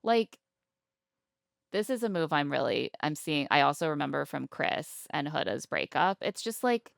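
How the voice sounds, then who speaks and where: Low gravelly woman recapping a show. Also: moderate pace, no room sound, studio quality. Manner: animated, acts out quotes of others. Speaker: podcast co-host. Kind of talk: casual recap chat.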